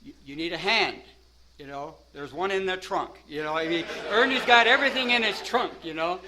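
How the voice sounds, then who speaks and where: High bright-voiced guy rambling thru a story, lots of "you know, man", bit of hiss behind. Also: a little fast, low-quality recording. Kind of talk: first-person storytelling.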